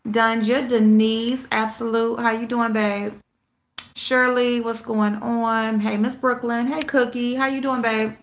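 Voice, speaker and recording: A woman's voice: fairly high pitch, level tone, measured pace. A woman hosting a casual phone livestream, greeting viewers by name as babe and speaking bluntly, repeating herself for emphasis. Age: adult with a school-age son. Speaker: livestream host.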